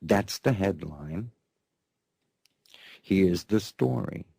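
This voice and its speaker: A low, gravelly man hosting a sarcastic news show, rambling as he mocks the headlines. His pitch swings widely, he talks at an unhurried pace, and his husky voice is recorded dry and close. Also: expressive, warm tone, no echo. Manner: rambling, mocking, repeats himself. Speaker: host.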